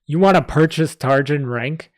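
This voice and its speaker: A man's voice: a little high, normal speed, dry recording, studio quality, pitched above the performer's own voice, close to an everyday voice. A man voicing a small, hunched, greedy goblin with a New York accent who snorts and mocks. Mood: angry. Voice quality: loud, snorting and mocking.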